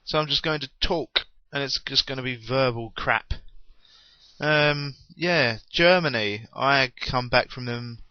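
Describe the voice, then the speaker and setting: A man's voice: mid-range voice, a little slow, clear, resonant tone, no room sound, highs cut off. A young man chatting unscripted in a rambling, self-deprecating way on his gaming vlog. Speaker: gaming vlogger.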